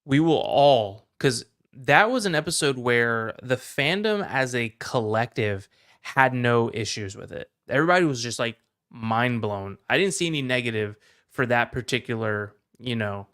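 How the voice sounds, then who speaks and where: This man, a guest on a podcast, has a medium-pitched voice and a moderate pace. The talk is a casual chat, and he becomes passionate and excited while speaking.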